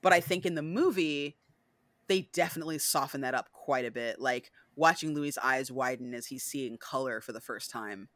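A woman hosting a podcast in casual chat, animated, with many fillers, acting out scenes as she talks. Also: extremely low pitch, moderate pace, dry recording. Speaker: podcast host.

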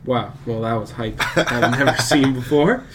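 A man hosting a casual sports podcast, playful and quick to laugh. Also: medium pitch, slight background noise. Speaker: podcast host.

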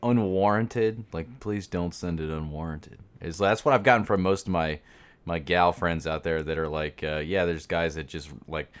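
A man's voice: sits low, moderate pace, smooth. A young man co-hosting a comedy podcast, trading crude jokes in casual banter. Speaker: podcast co-host.

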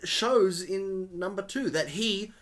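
A man's voice: high-pitched, slow. A man co-hosting a casual movie podcast, easygoing, working out his thoughts aloud and trailing off mid-sentence. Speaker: podcast co-host.

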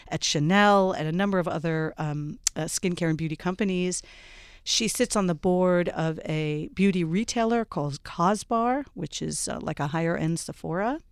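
A middle-aged woman hosts a radio talk show, introducing her guests in a warm, chatty way full of ums and uhs. Her fairly low voice is smooth, and the sound is clean studio audio with no room sound.

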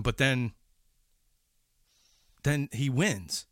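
A man's voice: medium pitch, a little slow, pushed and bright, smooth, dry recording, studio quality. A man chatting casually about movies, rambling with many restarts and swearing. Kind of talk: casual chat about films.

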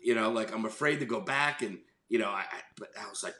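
A man's voice: lowish voice, fast talker, pushed and bright. A middle-aged man from New York chatting casually as a podcast co-host, telling a rambling story, swearing freely and acting out voices. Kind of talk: casual chat. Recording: echoey room.

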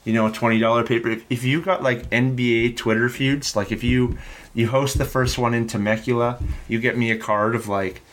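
A man's voice: mid-range voice, fairly even intonation, a little fast, fairly bright tone. A Canadian man co-hosting a casual sports podcast, telling rambling, wry stories full of "like". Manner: wry, rambling storyteller with filler likes. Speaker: podcast co-host.

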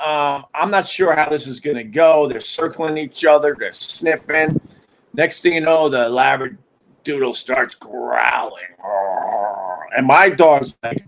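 Animated man telling a story. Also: on the high side, a little hiss or hum, poor audio. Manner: animated, swears, acts out his own reactions. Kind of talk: casual storytelling. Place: house by a beach.

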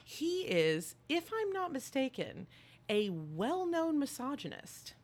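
A woman in casual chat about a film, animated and playful and swearing freely. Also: high voice, takes it slowly. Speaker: podcast co-host.

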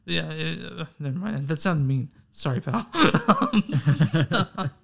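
A man's voice: a little high, big pitch swings, slow pace, creaky, fairly bright tone. A young man co-hosting a casual music podcast, rambling, swearing and apologizing for himself. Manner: rambling, swearing, self-deprecating. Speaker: podcast co-host. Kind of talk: casual chat.

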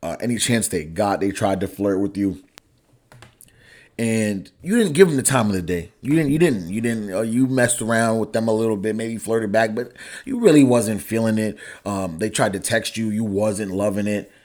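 A man's voice: lowish voice, moderate pace, a little mellow. A young man hosting his own podcast, talking in a casual, profane, heated way, his voice climbing when he gets angry. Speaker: podcast host. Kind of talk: casual solo podcast rant.

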